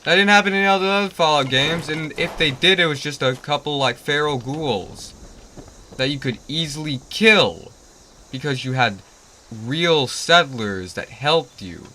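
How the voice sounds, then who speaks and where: A man's voice: on the high side, unhurried, pushed and bright, slight background noise. A young man streaming a video game, rambling and easily exasperated, sleepy and yawning as he complains. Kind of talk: casual live-stream commentary.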